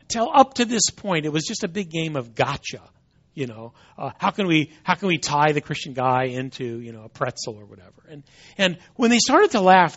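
A man's voice: high-pitched, fairly bright tone. A man who speaks as a Christian apologist, telling a humorous story and often repeating words as he goes, in a dull lo-fi recording.

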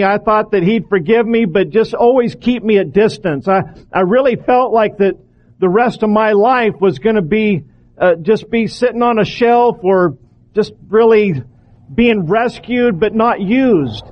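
A man's voice: high voice, a little slow, muffled recording. A man preaching a sermon, earnestly pleading and exhorting with emphatic repetitions.

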